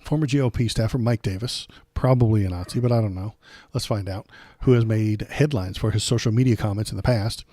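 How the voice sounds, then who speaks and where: A man's voice: fairly low pitch, mellow, no echo, studio quality. A man hosting a live political stream, reading headlines and reacting in casual commentary, sarcastic and indignant, with many fillers.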